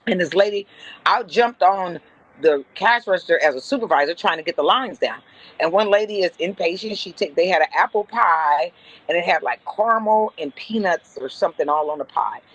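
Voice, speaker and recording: A woman from Compton, California, a comedian telling blunt, profane stories as a podcast guest. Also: highs cut off. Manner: blunt, profane, jumps high and loud when acting out quotes. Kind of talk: casual storytelling on a podcast.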